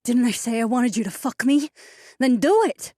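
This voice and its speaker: A bossy tiger-like catfolk woman, put on by a male narrator in a high, breathy voice well above his own, all urgent demands. The audiobook recording is close and dry. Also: animated, moderate pace, darkish tone, no room sound. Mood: breathless, pleading. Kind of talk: audiobook character voice.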